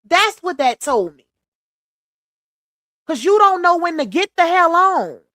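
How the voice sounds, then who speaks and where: A high-voiced woman from Louisiana hosts a casual livestream, her pitch swinging widely as she talks bluntly to her viewers. The sound is close and dry. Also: sing-song, a little slow, sharp tone, dry recording. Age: adult mother. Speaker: livestream host.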